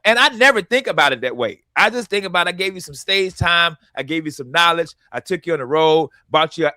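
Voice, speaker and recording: A man hosting a radio comedy show, telling stories in a casual, animated way and acting out what people said to him. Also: a little high, dry recording. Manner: animated storytelling, acts out quotes.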